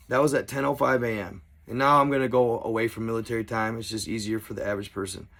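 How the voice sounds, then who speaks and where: A man's voice: on the low side, steady tone, quick pace, gravelly, hardly any pauses, a bit bright. A man reading a diary aloud and stopping to explain and comment on it in a casual, conversational way. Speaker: storyteller.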